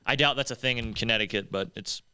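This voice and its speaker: A man's voice: medium pitch, fast talker, sharp tone, clean tone, dry recording. A man hosting a podcast, asking questions in a laid-back, slangy way. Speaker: podcast host. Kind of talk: casual chat.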